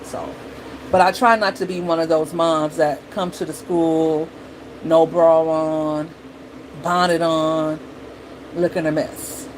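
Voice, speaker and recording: Chatty, blunt middle-aged mom vlogger. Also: female voice, deep voice, slow pace, a little hiss or hum, rough recording. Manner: chatty, blunt and animated, acting out her kids and herself. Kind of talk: casual chat to viewers.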